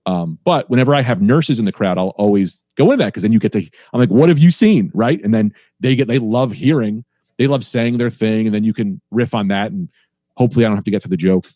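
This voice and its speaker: A man's voice: lowish voice, fast talker, warm tone, no echo, clean studio sound. A man who is a comedian guest on a podcast, telling a rambling, profane story about a show in a casual, self-deprecating way.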